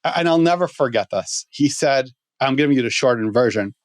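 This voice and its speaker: Male podcast guest, storytelling, halting, restarts, mid pitch, dry sound. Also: expressive, dry recording. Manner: halting, with many restarts and fillers.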